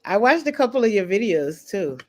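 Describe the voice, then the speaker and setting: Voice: mid-range voice, big pitch swings, brisk, a little mellow. A livestream host chatting casually with viewers, greeting them by name and teasing them in playful slang. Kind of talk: casual live chat with viewers.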